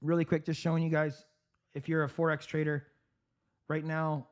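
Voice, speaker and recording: A man hosting a live trading stream, giving upbeat market commentary with frequent laughs, clearing his throat and coughing from a sore throat. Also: fairly high pitch, little pitch movement, moderate pace. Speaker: trading livestream host.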